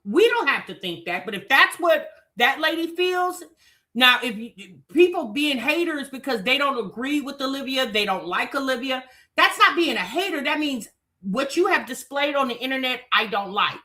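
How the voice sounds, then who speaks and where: A woman's voice: high voice, animated, normal speed, bright, forceful tone. A woman hosting a commentary show, talking bluntly and casually in slangy chat about online drama.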